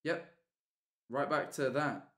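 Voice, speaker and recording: A British man streaming live, reacting to videos with excitable, swearing commentary that bursts into yelling. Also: fairly high pitch, slow pace.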